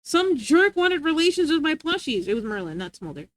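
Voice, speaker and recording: Very animated and a little fast, a woman rambles playfully through casual stream chat with her viewers, tripping over words and beginning sentences over. Her dog gets scolded in a high, sing-song voice.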